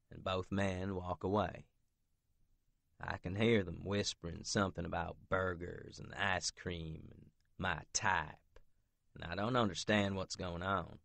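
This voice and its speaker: A man's voice: low-pitched, gravelly, a bit bright, no echo. A man narrating a romance audiobook in first person, blunt and brooding, with profanity.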